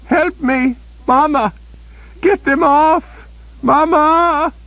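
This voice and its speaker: A man's voice: mid-range voice, slow pace, breathy edge, no room sound, pitched above the performer's own voice. Man putting on a shrieking terrified young woman. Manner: shrieking, sobbing pleas. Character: young woman, terrified, tied up among rats. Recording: dull lo-fi cassette recording.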